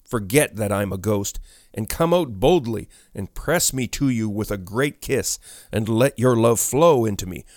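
A man's voice: on the low side, expressive, unhurried, no room sound, clean studio sound. A man reading the part of a male ghost who begs a woman for love in a beseeching, imploring voice. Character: pleading male ghost, young, yearning.

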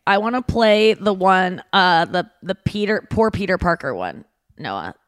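A woman's voice: fairly low pitch, animated, measured pace. A woman co-hosting a casual podcast, chatting and reading out fun facts and online posts. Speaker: podcast co-host.

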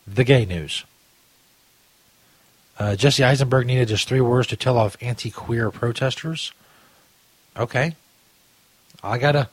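A man's voice: medium pitch, measured pace, long pauses, breathy edge, no echo. A man hosting a podcast in a casual, rambling, crude style, often laughing at his own jokes. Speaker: podcast host. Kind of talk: casual commentary chat.

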